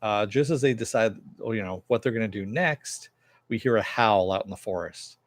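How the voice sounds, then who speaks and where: A man's voice: fairly low pitch, moderate pace. A man reviewing a TV episode in a casual recap, rambling with lots of fillers and some swearing.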